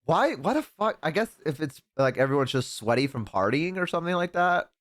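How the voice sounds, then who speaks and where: Guy streamer chatting, bit high voice, swears a lot, yelps when he acts stuff out. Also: a little fast. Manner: animated storytelling with loud acted yelps and swearing. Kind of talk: casual chat.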